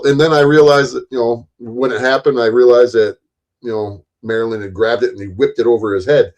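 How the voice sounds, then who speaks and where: A man casually telling a long story in a rambling, profane way, often jumping louder and higher when he acts out quoted lines. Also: fairly even intonation, a little fast.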